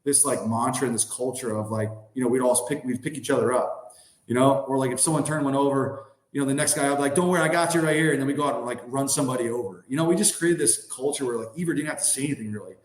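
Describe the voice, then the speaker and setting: A man in his thirties, a guest on a podcast, telling a story in casual chat. He talks in an animated way, full of "like" and "I mean". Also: medium pitch, fast talker. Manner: animated, acts out quoted voices, many "like" and "I mean" fillers. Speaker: podcast guest, former hockey player. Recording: roomy echo.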